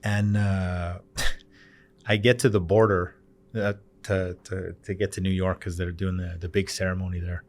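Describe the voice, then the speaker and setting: A bar owner from Canada, in his thirties, swaps stories as a podcast guest in casual chat. He speaks unhurriedly in a deep voice. As an animated storyteller, he acts out the voices of the people he quotes.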